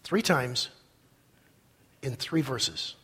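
A man preaching a sermon as pastor, leading the congregation in slow, emphatic repetition in a church sanctuary. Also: medium pitch, sing-song, bright, forceful tone, husky. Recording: long reverb of a large hall.

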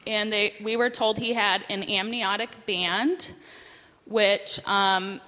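A woman's voice: medium pitch, steady tone, takes it slowly, sharp tone. A woman in her thirties, a church member sharing a personal testimony into a handheld mic, speaking casually with some hesitation. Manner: casual, a little hesitant with fillers. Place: church sanctuary. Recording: long reverb of a large hall.

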